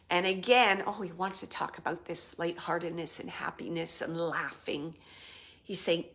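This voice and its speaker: Bright-voiced woman relaying spirit messages. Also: fairly low pitch, fairly even intonation, normal speed. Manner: relays messages in bursts, drops to soft murmurs and whispers. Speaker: psychic medium. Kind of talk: live spirit reading.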